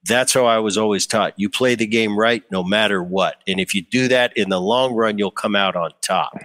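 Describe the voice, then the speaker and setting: A man putting on a calm veteran ballplayer mentor, speaking slowly and earnestly with a light put-on accent. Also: lowish voice, lightly acted.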